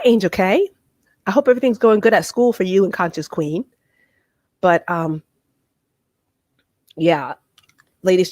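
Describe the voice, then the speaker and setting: A woman's voice: low voice, no room sound, studio quality. A woman hosting a casual live stream, chatting to her viewers with lots of "um" and "like", a cough drop in her mouth. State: talking around a cough drop. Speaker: vlogger host.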